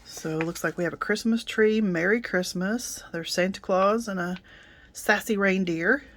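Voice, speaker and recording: A middle-aged woman reviewing and unboxing a craft kit in a casual, chatty way, with many ums and soft asides. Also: medium pitch, normal speed.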